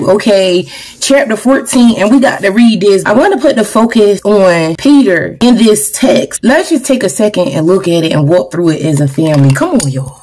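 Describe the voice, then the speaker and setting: A woman's voice: mid-range voice, darkish tone. A young adult woman preaching a fervent online sermon, repeating "glory be to God" and reading scripture. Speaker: online minister. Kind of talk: preaching to camera.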